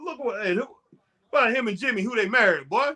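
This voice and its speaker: A man's voice: high voice, animated, fairly quick, sharp tone. A man co-hosting a casual chat about a live wrestling show. He laughs often and keeps saying "boy" and "man". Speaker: co-host.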